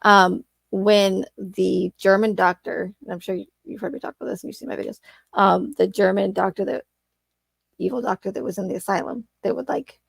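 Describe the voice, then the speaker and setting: A woman's voice: medium pitch, fairly even intonation, a little fast, vocal fry, slightly rough, dry recording. A woman hosting a casual livestream chat, telling stories animatedly with fillers and frequent laughs. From Arizona. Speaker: channel host.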